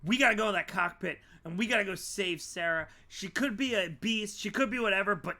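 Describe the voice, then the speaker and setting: A man voicing an angry woman crew member who talks urgently and forcefully. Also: high voice, a little fast, pitched above the performer's own voice.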